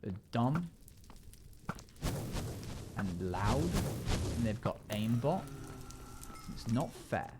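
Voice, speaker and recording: A man streaming a game live, chatting casually and jokily with sudden loud playful yells. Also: fairly low pitch, big pitch swings, takes it slowly, pauses often, heavy background noise. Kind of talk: casual live-stream chat while gaming.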